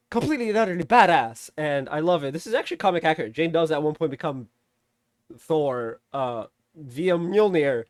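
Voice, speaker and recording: A man casually recapping and reviewing a movie, animated, swearing freely and laughing often. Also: a little high, no room sound, studio quality. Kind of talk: casual spoken film recap.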